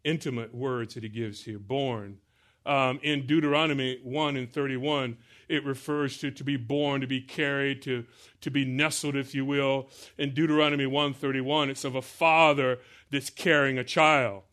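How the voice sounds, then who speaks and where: A man preaching a sermon, reading scripture aloud and explaining it verse by verse, swinging between loud emphatic pleading and soft, low explanation. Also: steady tone, moderate pace. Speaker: pastor.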